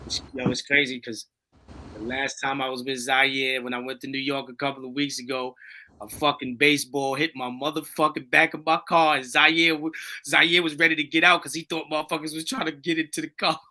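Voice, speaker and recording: A man in a casual podcast chat, excitable, laughing and hyping the others along. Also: mid-range voice, fairly quick.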